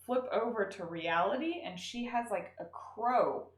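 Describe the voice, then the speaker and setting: A woman co-hosting a podcast, casually recapping a movie as an animated storyteller who acts out scenes in quick voices. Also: medium pitch. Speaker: podcast co-host. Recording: roomy echo.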